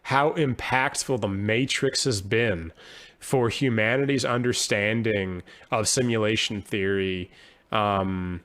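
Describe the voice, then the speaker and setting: A man's voice: fairly low pitch, slow, fairly bright tone. A man speaking as a podcast guest, earnest and reflective, often restarting his sentences as he thinks aloud. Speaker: podcast guest, poet and musician. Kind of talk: conversational interview.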